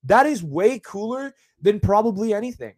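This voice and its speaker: A man's voice: high voice, big pitch swings, normal speed, darkish tone. A man hosting a podcast in a casual, rambling monologue full of fillers and asides. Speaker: podcast host.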